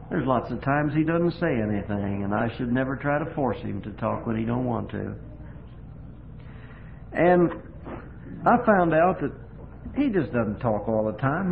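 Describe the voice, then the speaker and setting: A man's voice: on the high side, creaky. A man preaching a folksy sermon, telling homespun stories with repetitive emphasis, on a phone-like lo-fi recording with faint hiss.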